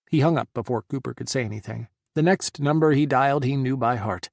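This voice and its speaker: Give me a male audiobook narrator with a gravelly, dramatic read. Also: mid-range voice, fairly quick, hardly any pauses, no room sound, clean studio sound. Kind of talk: scripted narration.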